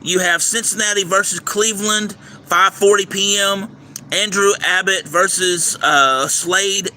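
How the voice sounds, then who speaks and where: A man hosting a livestream, reading out a game schedule and his picks in a steady list, sometimes stumbling over names, recorded outdoors near a railway. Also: high-pitched, unhurried. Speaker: livestream host giving baseball picks. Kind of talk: casual livestream commentary. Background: faint traffic and train noise.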